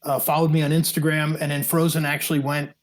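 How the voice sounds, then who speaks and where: An animated man recounts trail stories as an interview guest. His voice sits a touch high and he laughs freely as he talks. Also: fast talker. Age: older. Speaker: podcast guest, thru-hiker. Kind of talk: casual storytelling interview.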